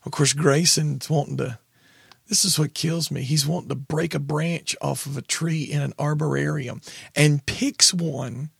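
Gravelly husky man telling stories. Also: a little slow, no echo, clean studio sound. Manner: animated storyteller, jumps high when quoting himself. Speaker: podcast co-host, pastor. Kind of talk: casual chat.

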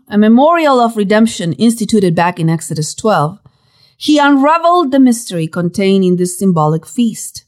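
A woman giving a devotional Bible teaching in a dramatic, expressive way, full of rhetorical questions. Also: medium pitch.

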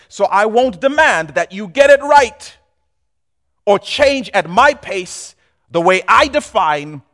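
A man's voice: sits high, fairly bright tone. A man preaching a sermon in a conversational way, repeating key phrases for emphasis. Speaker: pastor.

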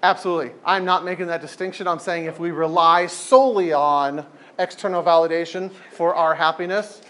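A man leading an informal group talk, animated and emphatic, often repeating phrases for effect. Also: fairly high pitch, brisk.

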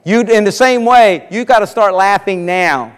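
A man's voice: high voice, normal speed, clear, resonant tone. A man preaching a sermon as pastor, with an emphatic, repetitive preaching cadence. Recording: long reverb of a large hall.

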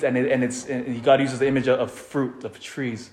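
A male preacher tells a story dramatically, dropping to near silence and then building up loud. His voice sits at an ordinary middle pitch. The sound echoes around the room. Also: flat delivery, normal speed, few pauses. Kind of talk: sermon.

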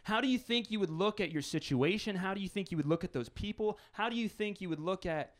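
A man's voice: high-pitched, fast. A man preaching a conversational sermon as pastor, building scenarios with rising intensity.

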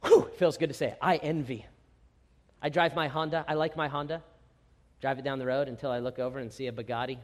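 A man's voice: medium pitch, fairly even intonation, fairly quick, long reverb tail. A middle-aged man pastor delivering a sermon with self-deprecating humor and acted-out asides.

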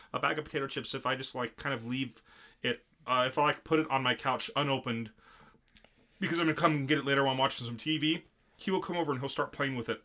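A man co-hosting a casual chat, recapping an episode and putting on silly voices for the scenes. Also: medium pitch. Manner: lively, uses silly voices when retelling scenes. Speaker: podcast co-host.

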